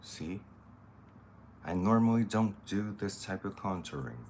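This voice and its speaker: A man's voice: deep voice, expressive, unhurried, darkish tone, slight background noise. A man chatting casually while doing a makeup tutorial, thinking aloud as he works and greeting viewers. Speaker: makeup artist.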